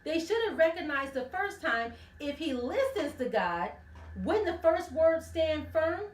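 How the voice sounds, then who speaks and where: A woman with a high voice teaches from scripture in an easy, conversational way, acting out each character's lines as she goes. She sounds set back from the microphone in a roomy space, and the echo hangs around her words. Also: unhurried, distant mic. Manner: animated storytelling, acting out the characters in the story. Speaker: radio ministry host.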